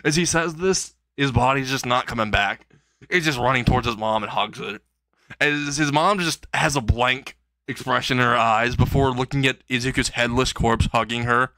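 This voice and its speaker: A man narrating an improvised comedic fan story, rambling along and chuckling to himself. His voice sits mid-range with a bright, sharp edge. The recording is dry, close to a home mic. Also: medium pitch, moderate pace, dry recording. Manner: rambling, chuckling between lines.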